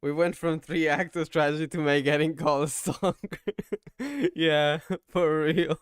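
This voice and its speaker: A man reacting to a game and reading its translated text aloud in a casual way. He chuckles, thinks out loud and stops to puzzle over the translations. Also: fairly high pitch, level tone, unhurried, clean tone, no echo, clean studio sound.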